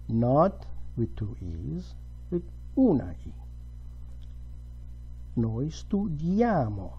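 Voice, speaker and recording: Slow husky teacher. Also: male voice, medium pitch, dull audio. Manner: patient, explains step by step. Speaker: Italian language teacher. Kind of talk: grammar lesson.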